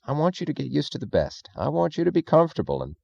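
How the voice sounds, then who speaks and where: A man's voice: on the high side, wildly swooping pitch, quick pace, gravelly, darkish tone, no room sound, dull audio, voice pushed up, exaggerated voice. A man reading an audiobook, voicing a nervous, evasive male government leader who pleads and fidgets. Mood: flustered. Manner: pleading, fidgety, falsely casual.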